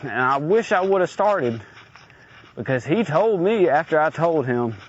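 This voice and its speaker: A man's voice: a little high, animated, unhurried. A man venting in a blunt, profane, aggrieved personal audio diary rant. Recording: dull lo-fi recording with faint noise.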